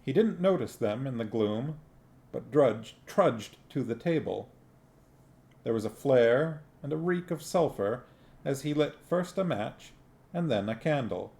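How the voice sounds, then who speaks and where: A man reading a novel aloud on a stream, in an unhurried, plainly spoken way. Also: mid-range voice, lively intonation, vocal fry, darkish tone. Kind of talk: book reading with casual commentary.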